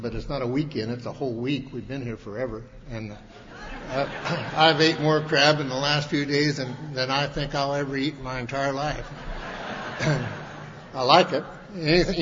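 A man's voice: mid-range voice, background noise. Brief: man, folksy joking speaker, echoing hall, muffled lo-fi sound. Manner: folksy, joking, many restarts and fillers. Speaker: recovery meeting speaker. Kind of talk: speech to a large audience. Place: large meeting hall with audience. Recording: dull hall recording with long reverb.

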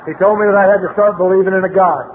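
A middle-aged man speaks bluntly and colloquially, telling his story to a meeting. His voice sits high for a man. The sound is thin and tinny, with a long reverb tail from a large hall. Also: steady tone, very fast, a little hiss or hum. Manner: blunt, plain-spoken and colloquial. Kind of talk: recovery meeting talk.

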